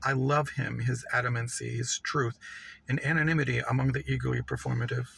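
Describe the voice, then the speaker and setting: Brief: male literary reader, gravelly, mid-pitched, measured. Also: fairly even intonation, a bit bright, low-quality recording. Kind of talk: literary reading.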